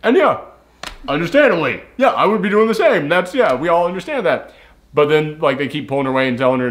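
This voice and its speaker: In a medium-pitched, slightly bright voice, a man reviews a movie a bit fast in casual conversation. He rambles and swears freely, restarting often and saying "like" a lot, while acting out characters' lines in put-on voices.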